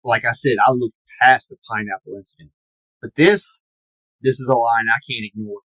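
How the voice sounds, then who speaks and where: A man's voice: mid-range voice, steady tone, moderate pace, bright, forceful tone, dry recording, poor audio. A man in his forties delivering a mock-serious, self-pitying comedic rant as an aggrieved podcast fan, stretching words for dramatic emphasis. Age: 40s.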